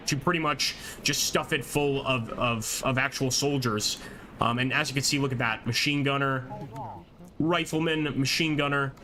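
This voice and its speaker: Male streamer from the US, bright tone, chatty live game commentary, faint noise behind. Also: medium pitch. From American. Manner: excited, chatty, laughs often, reads chat aloud. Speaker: gameplay streamer.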